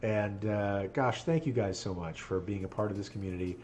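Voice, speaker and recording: A man's voice: on the low side, normal speed, a little mellow, slight background noise. A man rabbi chatting casually on a live stream while playing a game, earnest and moved, laughing often.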